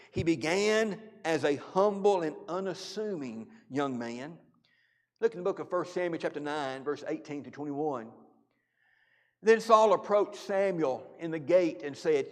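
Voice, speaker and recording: A man preaching a sermon in a church, earnest and halting, with frequent restarts. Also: high-pitched. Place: church auditorium. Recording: church hall reverb.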